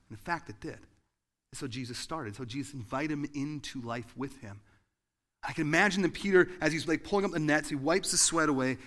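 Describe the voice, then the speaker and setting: A man preaching a sermon, swinging from loud, excited bursts to hushed, low lines as he acts out voices in the story. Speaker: pastor.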